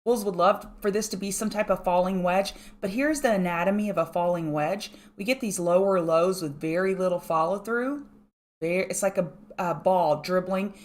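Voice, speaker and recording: A middle-aged woman hosting a live pre-market stream, chatty and fast, greeting viewers by name between chart notes, with a strong regional accent. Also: fairly low pitch. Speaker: market analyst host.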